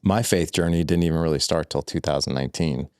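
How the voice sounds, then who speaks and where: A man's voice: rumbling low, quick pace, darkish tone, smooth, no room sound, studio quality. A man who is a guest on a podcast, telling a personal story in loose, candid conversation, full of "like" and "I was like". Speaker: podcast guest, fatherhood coach.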